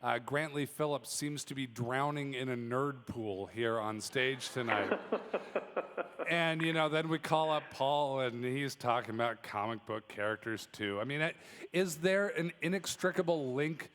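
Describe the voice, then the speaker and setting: A man's voice: medium pitch, a little slow, a bit bright. A male radio host interviewing on a live stage, with curious and playful questions. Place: theater stage. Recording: stage hall reverb, faint noise.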